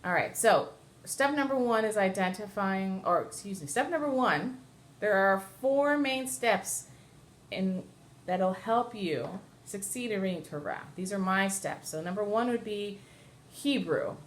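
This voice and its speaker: A woman's voice: mid-range voice, lively intonation, a little slow. Woman cantor teaching chant step by step. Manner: patient, explanatory, step-by-step, breaks into chant. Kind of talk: classroom lesson with sung examples.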